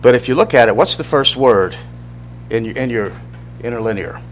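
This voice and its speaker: A man's voice: mid-range voice, normal speed, slight background noise. A middle-aged man teaching an informal church Bible class, talking conversationally, asking the class questions and often restarting his sentences.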